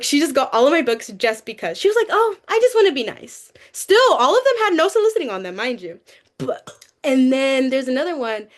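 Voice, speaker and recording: A young woman giving a lively personal testimony to a youth group, talkative and acting out what people said. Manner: animated, talkative, acts out quotes with rising pitch.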